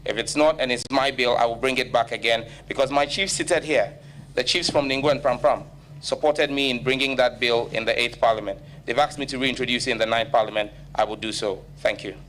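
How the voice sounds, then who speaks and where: A man's voice: mid-range voice, fairly even intonation, fairly quick, fairly bright tone, slight background noise. A man with a Ghanaian accent answering as a nominee at a parliamentary vetting, firm and emphatic. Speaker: ministerial nominee.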